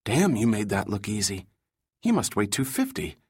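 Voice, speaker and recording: A man's voice: lowish voice, very animated, husky, no room sound, clean studio sound, heavily acted. A man voicing a wry young woman operative. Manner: sarcastic, quick quips.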